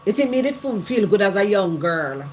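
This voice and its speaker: A woman's voice: mid-range voice, big pitch swings, moderate pace, a little mellow, a little hiss or hum. A middle-aged Jamaican woman hosting a live chat, telling her own story candidly in patois and repeating phrases. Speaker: live stream host.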